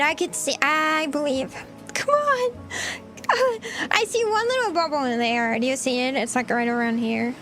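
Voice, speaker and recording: A woman with a very high, bright voice that swings all over, chatting to her stream while she cooks. She giggles and frets as she talks to viewers, with faint music playing behind her. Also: very animated, normal speed. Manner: giggly, flustered, talks to chat while cooking. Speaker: streamer cooking on camera. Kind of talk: casual livestream chat.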